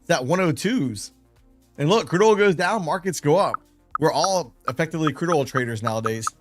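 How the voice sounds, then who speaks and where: A man's voice: a little high, animated, a little fast, over music. A man hosting a late-night trading livestream, chatting casually and rambling in a self-deprecating way. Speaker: live trading stream host.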